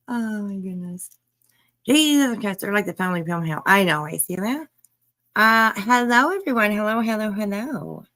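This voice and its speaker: A woman hosting a live stream, a little hoarse, chatting casually and greeting viewers by name with frequent laughs. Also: mid-range voice. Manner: chatty, laughs often, reads chat names aloud. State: hoarse, throat tickle.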